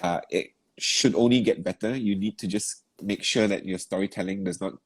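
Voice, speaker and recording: A man's voice: sits low, moderate pace, husky, no room sound. A man giving feedback as a vocal coach in an online masterclass, asking probing questions and encouraging with easy laughs. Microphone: video call.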